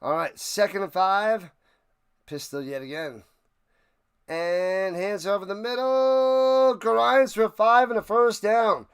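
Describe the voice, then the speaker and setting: Gravelly man calling plays on a stream. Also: high-pitched, slow. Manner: erupts into loud excitement on big plays; chatty, answers viewers' questions. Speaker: live stream host. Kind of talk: play-by-play commentary with chat banter.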